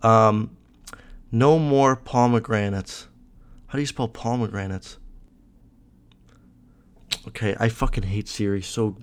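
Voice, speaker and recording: A man's voice: on the low side, measured pace, long pauses. A young man hosting a podcast in casual chat, rambling and swearing with a sarcastic edge. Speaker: podcast host.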